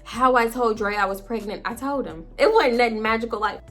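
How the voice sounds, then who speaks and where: A woman's voice: on the high side, a little fast, soft background music. A young woman, chatting casually to viewers at home about her life and swearing often. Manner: profane, chatty, animated storytelling to viewers. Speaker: vlogger. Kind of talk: casual storytime chat. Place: home, indoors. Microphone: phone camera.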